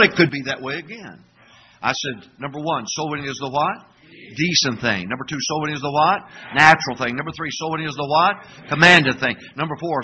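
An older man preaching a sermon as pastor, asking the congregation to call back answers and breaking into shouts. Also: mid-range voice, a little hiss or hum, rough recording. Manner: animated preaching with call-and-response questions; sudden shouting bursts.

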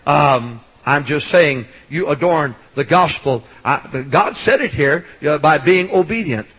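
Hollering Baptist preacher, husky voice. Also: male voice, fairly high pitch, lively intonation, unhurried, low-quality recording. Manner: loud, hollering preaching with sudden shouts, then soft storytelling. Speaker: Baptist pastor. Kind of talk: sermon.

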